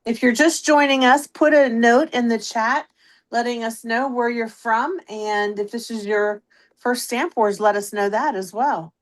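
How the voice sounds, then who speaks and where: A woman's voice: fairly high pitch, measured pace. Chatty Pittsburgh woman hosting a live stream. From Pittsburgh, USA. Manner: chatty, greeting viewers by name. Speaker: host of a live stamping stream. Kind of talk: casual live-stream chat.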